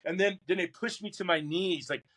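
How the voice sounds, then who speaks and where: Animated man retelling a vivid story. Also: high-pitched, fairly quick. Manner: animated storyteller who acts out drill instructors and shouts his own replies; many restarts and repeated words. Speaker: guest, Marine veteran. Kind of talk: storytelling in a podcast interview.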